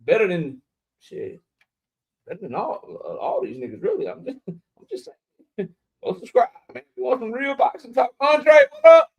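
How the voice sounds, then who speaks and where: A young man hosting a casual livestream, shouting out viewers in chat and joking around with loud, profane banter. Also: very high-pitched, huge pitch swings, moderate pace, creaky, pauses often. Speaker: livestream host.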